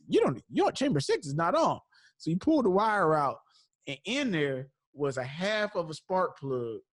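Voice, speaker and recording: A slightly high-voiced man hosts a podcast, recorded dry with clean studio sound. Animated, he tells a comedic story and performs the voices of the people involved.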